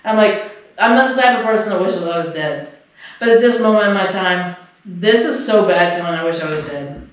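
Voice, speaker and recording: Recorded on a distant mic in an echoey room, this podcast co-host speaks a little fast in a high-sitting, slightly bright voice. He rambles through a casual story, swearing and dropping in plenty of fillers.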